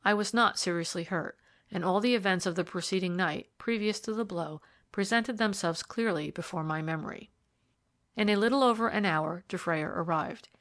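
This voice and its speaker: Audiobook narrator, female, mid-pitched, steady scripted narration of a period mystery. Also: normal speed. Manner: lifts pitch and volume for quoted characters. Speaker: audiobook reader.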